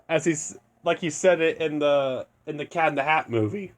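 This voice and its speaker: A young man with a fairly high voice, rambling through a fan scenario in a loose, unscripted way. He restarts sentences often and keeps a casual tone. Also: normal speed, hardly any pauses. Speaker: video creator.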